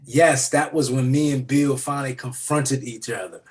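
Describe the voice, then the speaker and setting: A man's voice: medium pitch, normal speed. A man on a video call from a room at home, chatting as an interview guest and animatedly acting out the voices in his story. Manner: animated storyteller who acts out quoted voices. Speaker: nominated actor guest. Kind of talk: casual interview chat.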